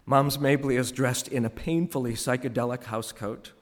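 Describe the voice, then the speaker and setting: A man giving a scripted tribute commentary, telling stories in a wry, measured way. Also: mid-range voice, fairly even intonation, long reverb tail.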